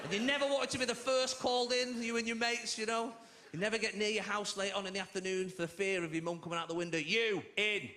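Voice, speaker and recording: A man's voice: high voice, steady tone, quick pace. A man doing a chatty, self-mocking stand-up comedy routine on a large theatre stage, acting out voices. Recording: echoey theatre, loud audience.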